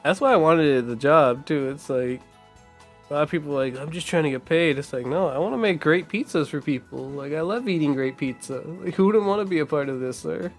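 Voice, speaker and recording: A man's voice: fairly high pitch, lively intonation, brisk. Man, game streamer, casual rant, swears a lot, rambling, faint music behind. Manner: profane, rambling, laughs often.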